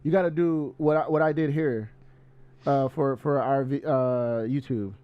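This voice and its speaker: A man's voice: medium pitch, steady tone, clean tone, muffled recording. A man co-hosting a podcast, chatting casually and often stumbling over repeated words. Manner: halting, repeats words when unsure. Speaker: podcast co-host. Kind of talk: casual chat.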